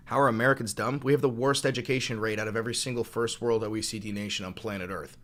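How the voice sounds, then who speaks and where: Man, New York accent, streamer ranting at his chat, cursing, sarcastic, bright forceful voice. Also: on the low side, steady tone, fast. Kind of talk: reacting to live chat.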